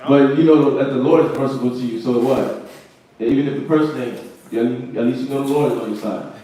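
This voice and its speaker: A man's voice: mid-range voice, fast, dark tone. A man teaching a Bible class, explaining verses in a casual preaching manner with slang. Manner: conversational preaching with slang and acted-out quotes. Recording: echoey room, distant mic.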